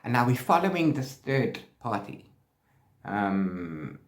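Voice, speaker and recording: A man's voice: mid-range voice, very animated, slow. A man vlogging about his reading, chatting casually and often correcting himself mid-sentence. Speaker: book vlogger. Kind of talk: casual book review chat. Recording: roomy echo.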